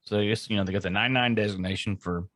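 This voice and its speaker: A man's voice: lowish voice, quick pace, a bit bright, no echo. A man co-hosting a podcast, chatting casually and musing aloud as he searches for names. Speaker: podcast co-host.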